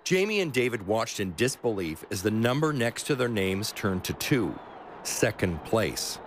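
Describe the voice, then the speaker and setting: A man hosting and narrating a radio sports documentary, telling the story in a measured, expressive way and asking interview questions. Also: fairly low pitch, noisy background. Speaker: host and narrator.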